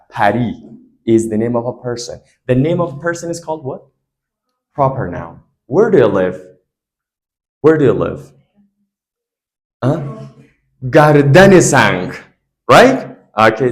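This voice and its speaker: A man's voice: medium pitch, low-quality recording. A man teaching an English grammar lesson, quizzing his students with repeated questions.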